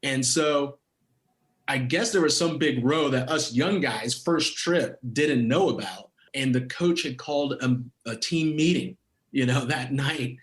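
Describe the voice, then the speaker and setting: A middle-aged man, a former pro footballer, telling a story as a podcast guest, animated and laughing often. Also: mid-range voice, a little slow. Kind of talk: casual storytelling. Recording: roomy echoey sound.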